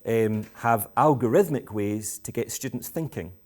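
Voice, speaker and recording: A man's voice: mid-range voice, a little slow, darkish tone. A Scottish man giving a talk to school parents in a playful, provocative, self-mocking way. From Scotland. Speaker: education speaker. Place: school event with live audience.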